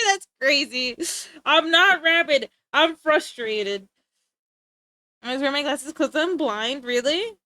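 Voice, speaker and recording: A woman's voice: high-pitched, measured pace, bright, forceful tone, no echo. A young woman streaming live, chatting casually in a playful, giggly way with mock threats.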